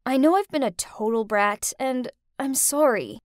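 A woman voicing a teenage older sister who was jealous and bratty, speaking earnestly and apologetically in an animated story. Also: sits high, a little slow, no room sound, clean studio sound. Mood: apologetic.

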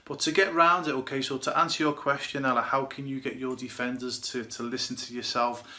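A middle-aged goalkeeping coach giving casual, rambling advice to young players, full of fillers and restarts. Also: male voice, mid-range voice, steady tone, brisk, pushed and bright.

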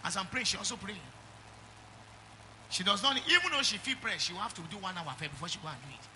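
High, bright-voiced Nigerian preacher man. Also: expressive, fast talker, a little hiss or hum. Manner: emphatic preaching with call-and-response. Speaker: pastor. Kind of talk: sermon.

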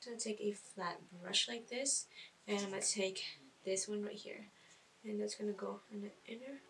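A woman talks through a casual makeup tutorial in a bright, sharp-edged voice, chatty and self-deprecating, pausing on fillers as she thinks. She sits a little back from the microphone, so she sounds slightly distant. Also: mid-range voice, fairly even intonation, slight background noise. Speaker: beauty vlogger.

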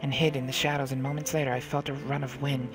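A man's voice: medium pitch, level tone, quick pace. Man narrating a game over music. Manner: dramatic, immersed reading. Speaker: let's play host. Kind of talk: reading game text aloud with commentary.

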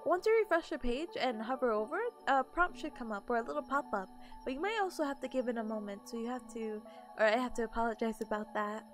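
A woman's voice: on the high side, lively intonation, fast, faint music behind. A sleepy woman streamer chatting casually with her viewers, giggling often and greeting people in chat.

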